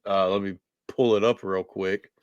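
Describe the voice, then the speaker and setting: A man co-hosting a podcast in casual chat, relaxed and quick to laugh. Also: sits low, smooth, no echo, dull audio. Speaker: podcast co-host.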